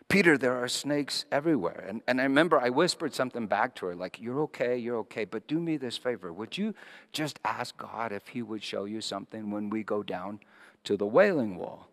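A male pastor preaching a sermon, telling stories and moving between hushed, quiet passages and lively, raised ones. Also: mid-range voice, fairly quick, big-room sound. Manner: storytelling, shifting between hushed and animated.

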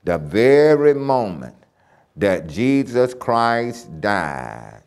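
Man, Bible teacher, deep-ish voice, slow, emphatic, repeats phrases, reads scripture. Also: very animated, darkish tone, clean tone. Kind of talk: church Bible lesson.

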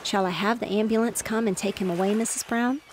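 Woman reading a formal male doctor, measured and calm, with faint waves behind. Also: mid-range voice, a little hiss or hum, natural voice.

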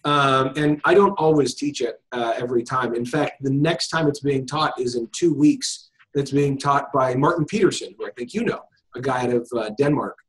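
A man's voice: medium pitch, moderate pace, rough recording. A man who teaches hypnosis, talking casually as an interview guest with lots of fillers and restarts. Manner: casual, thinks aloud with frequent fillers and restarts. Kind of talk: conversational interview. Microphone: video call.

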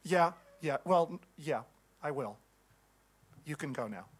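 A man's voice: on the high side, lively intonation, measured pace, husky. A man playing a dismissive casting judge in a comic sketch, talking in clipped, brusque bits with hesitations.

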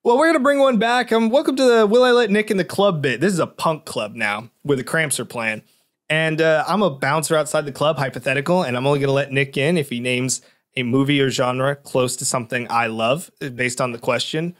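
A podcast co-host talks in a fairly high, fairly bright voice, going a little fast. His casual chatter is enthusiastic and rambling, full of restarts.

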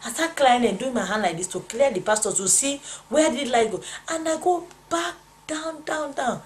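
A woman's voice: high voice, expressive, moderate pace, a little hiss or hum. Fervent woman preacher retelling a vision. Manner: fervent, acts out God and the devil in dialogue. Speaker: preacher recounting a revelation. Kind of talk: testimony sermon.

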